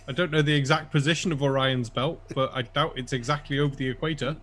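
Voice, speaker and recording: A man's voice: mid-range voice, fairly even intonation, moderate pace, fairly bright tone, a little hiss or hum. A man co-hosting a live stream, chatting casually with dry, skeptical remarks.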